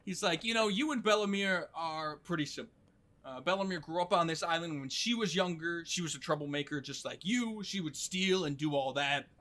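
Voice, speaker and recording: Male podcast host, casual and quick, swears freely, acts out quotes in a bright voice. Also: fairly high pitch. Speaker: podcast host recapping an anime.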